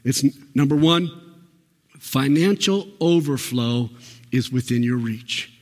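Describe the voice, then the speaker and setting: A man's voice: mid-range voice, slow pace, a little mellow, in a large hall. A man preaching a sermon in a church, emphatic and full of rhetorical questions to the congregation. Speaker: pastor. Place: church sanctuary.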